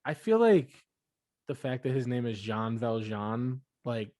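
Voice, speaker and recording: A man's voice: mid-range voice, very animated, a little slow, mellow, dry recording, clean studio sound. A young man co-hosting a podcast, chatting casually and jokingly acting out what people said. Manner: jokey, acts out quoted voices. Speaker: podcast co-host. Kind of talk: casual banter.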